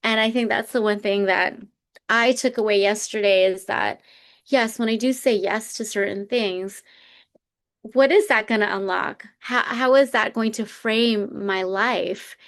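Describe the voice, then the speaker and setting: A woman's voice: medium pitch, measured pace. A woman co-hosting a podcast, chatting casually and earnestly retelling a personal story. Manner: earnest, reflective, retells stories with animated quotes. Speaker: podcast co-host.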